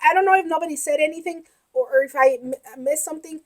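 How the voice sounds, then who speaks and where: A young woman hosting a reaction video, gushing and emotional, often shouting and giggling as she comments. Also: high-pitched, fast talker.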